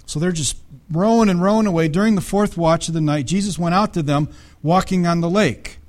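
A man with a notably high voice preaches to his congregation. He reads scripture passages aloud and breaks in with casual asides. He keeps asking his listeners whether they follow. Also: brisk, a little mellow. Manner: conversational preaching with frequent checks to the congregation. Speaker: pastor. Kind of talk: sermon.

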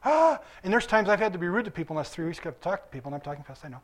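A man's voice: high-pitched, sing-song, very fast, hardly any pauses. A male pastor preaching a sermon in a conversational way, with casual asides. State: limping after surgery.

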